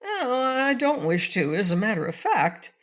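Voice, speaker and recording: A woman voicing a small stuffed toy bear sentry in an audiobook, squeaky, prim and pleased with himself. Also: sing-song, normal speed, close to an everyday voice. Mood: offhand. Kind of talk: audiobook reading.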